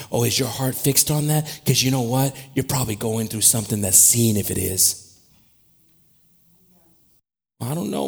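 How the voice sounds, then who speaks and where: A man preaching a sermon, dropping to quiet, conversational asides and then rising to loud, emphatic shouts, with laughter along the way. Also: medium pitch, creaky, slightly rough. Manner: animated, with laughter and restarts. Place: church.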